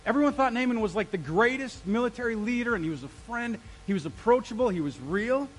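A male pastor preaching an energetic sermon, throwing questions out to the congregation. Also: very high-pitched, quick pace, low-quality recording.

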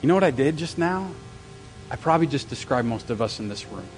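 A male pastor preaching a sermon in an animated way, repeating phrases for emphasis with stumbling restarts. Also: medium pitch, a little fast, in a large hall, a little hiss or hum, low-quality recording. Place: church service.

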